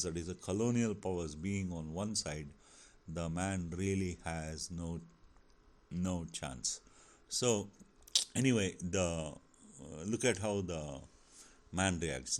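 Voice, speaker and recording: A man teaching a short story, reading lines aloud and then explaining them in his own words, with frequent pauses and restarts. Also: sits low. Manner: reads quotes aloud, then paraphrases with many fillers and restarts.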